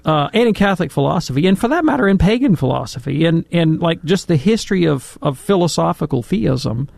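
A man's voice: fairly high pitch, lively intonation, a little fast, creaky, darkish tone, no echo. A man answering listener questions on a Catholic radio call-in show, chatty and digressive, laughing at his own tangents. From Alabama, US. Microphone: studio microphone.

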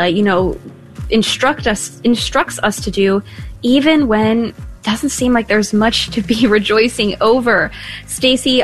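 A woman hosting a call-in radio talk show, upbeat and chatty as she invites listeners to call in. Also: fairly high pitch.

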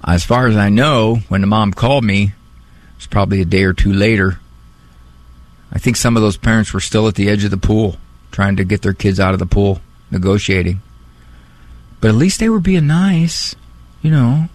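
A man hosting a radio call-in show, talking in a wry, musing way with drawn-out phrasing, close on a studio mic. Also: on the low side. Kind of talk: conversational radio talk. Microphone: studio microphone.

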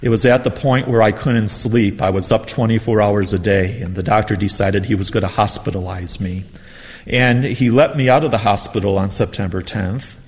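A man's voice: on the low side, steady tone, moderate pace, slightly rough, in a large hall. A man who is a priest leading a retreat, preaching in a conversational, self-deprecating way with personal anecdotes. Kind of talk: storytelling sermon.

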